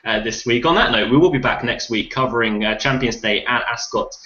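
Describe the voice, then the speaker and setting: A man's voice: mid-range voice, fairly quick, crowd noise. A man hosting a casual racing podcast, joking and teasing his guests. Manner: joking, teasing, laughs often. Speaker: podcast host. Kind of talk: casual chat. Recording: roomy lo-fi recording.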